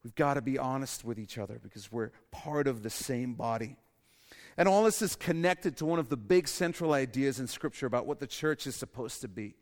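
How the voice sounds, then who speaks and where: A male pastor giving a sermon in an animated way, with humorous asides and bursts of loud emphasis. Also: medium pitch, a little fast, long reverb tail.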